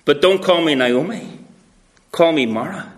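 A man's voice: on the high side, measured pace, close to an everyday voice. A man playing a bitter, grieving older widow in a sermon retelling, his voice weary and heavy.

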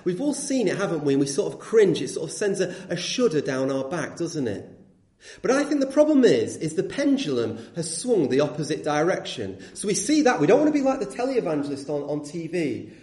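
A man's voice: fairly high pitch, big pitch swings, brisk, a little mellow. A man preaching a sermon, earnest and emphatic, asking the congregation rhetorical questions. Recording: echoey room.

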